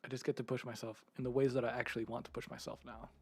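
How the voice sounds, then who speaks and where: A man's voice: medium pitch, level tone, rapid-fire, a little mellow, husky. A man streamer in casual live chat, rambling freely, laughing often and swearing. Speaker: streamer and 3D content creator.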